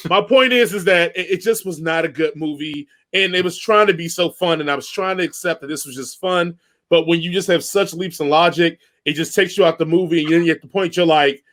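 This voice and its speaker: Man, high-pitched, animated ranting, casual podcast chat, swears. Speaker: podcast co-host. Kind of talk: casual movie review chat.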